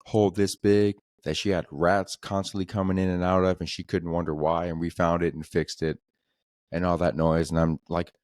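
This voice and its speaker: A man's voice: deep voice, level tone, normal speed, darkish tone, no room sound. A young man hosting a comedy podcast, telling stories casually, swearing and saying "dude" all the time. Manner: laid-back, profane, says "dude" constantly. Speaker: podcast host.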